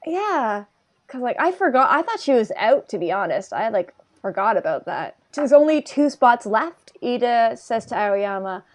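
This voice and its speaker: A woman's voice: a little high, sing-song, moderate pace. A young woman co-hosting a podcast, recapping anime scenes in casual chat, full of "like" fillers. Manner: chatty, recounts scenes, many "like" fillers. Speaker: podcast co-host.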